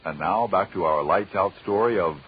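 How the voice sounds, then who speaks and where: A man's voice: sits low, normal speed, very noisy. A male radio announcer reading persuasive ad copy in an emphatic, old-time manner. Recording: dull old radio recording.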